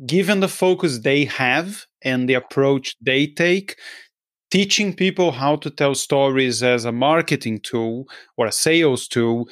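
A man's voice: mid-range voice, a little slow, a bit bright, dry recording, clean studio sound. A man hosting a podcast interview, thoughtful and fair-minded, often restarting his sentences. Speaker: podcast host.

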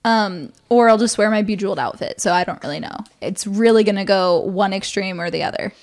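Young woman, podcast co-host, casual chat, measured, hesitant ums. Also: mid-range voice.

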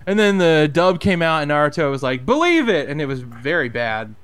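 Podcast cohost guy, high sharp voice, stumbles and restarts a lot. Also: fairly even intonation, brisk, clear, resonant tone. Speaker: co-host. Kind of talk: casual comedy podcast chat.

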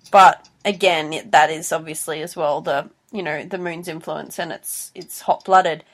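A woman co-hosting a podcast, analyzing a TV show in casual chat and thinking aloud. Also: lowish voice. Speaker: podcast co-host.

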